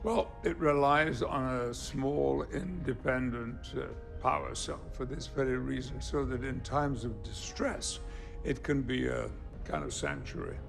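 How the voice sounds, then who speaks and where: An actor playing an elderly starship admiral, who explains things in a calm, measured way. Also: male voice, medium pitch, creaky, faint music behind. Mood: explaining.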